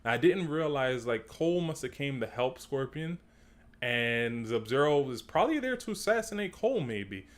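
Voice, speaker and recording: A man talking through a movie trailer in a loose, slangy way, repeating and restarting his phrases. He gets louder and higher when something bugs him, and his voice sits at an ordinary middle pitch otherwise. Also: very animated, normal speed. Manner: gets worked up and rises in pitch when ranting. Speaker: video creator breaking down a movie trailer. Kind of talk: casual trailer-breakdown commentary.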